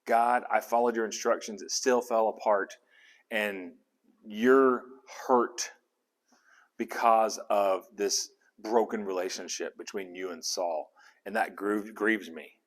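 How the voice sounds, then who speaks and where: A man's voice: a little high, brisk, natural voice. A man voicing the prophet Samuel as an exasperated, grieving older man, in a chatty, joking paraphrase of Bible speech.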